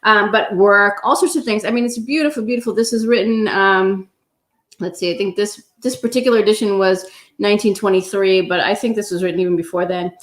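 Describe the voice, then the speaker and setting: A woman hosting a self-love affirmation session, talking gently and unhurriedly with many pauses and ums. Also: mid-range voice, steady tone. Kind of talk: guided affirmations and meditation talk. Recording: roomy echo.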